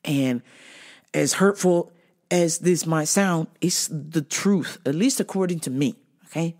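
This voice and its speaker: A woman's voice: sits low, a little slow. A woman hosting a podcast, ranting profanely through a casual solo monologue and telling stories with lots of energy. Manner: profane, ranting, animated storytelling. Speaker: podcast host.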